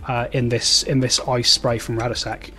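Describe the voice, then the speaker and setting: A man serves as game master for a tabletop role-playing game, narrating haltingly with lots of fillers, stops and restarts. His mid-range voice is sharp in tone and barely moves in pitch, and soft music plays underneath.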